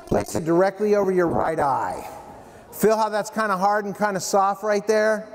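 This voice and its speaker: Animated man speaking to students in a hall. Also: high voice, moderate pace, gravelly. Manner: animated, playful, addresses students directly. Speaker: youth prevention speaker. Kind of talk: school assembly talk. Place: middle school hall, indoors. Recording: long hall reverb, faint room noise.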